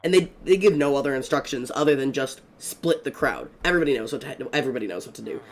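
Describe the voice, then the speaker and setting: A young man streaming a game, telling stories in a fast, rambling, excitable way, swearing often. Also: medium pitch. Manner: excitable and profane, fast rambling storytelling with many fillers. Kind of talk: casual gaming stream chat.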